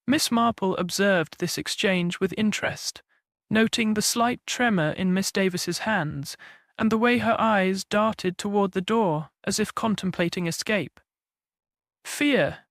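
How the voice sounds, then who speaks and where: High-voiced male mystery narrator. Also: a little slow, a bit bright, dry recording, clean studio sound. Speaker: audiobook narrator.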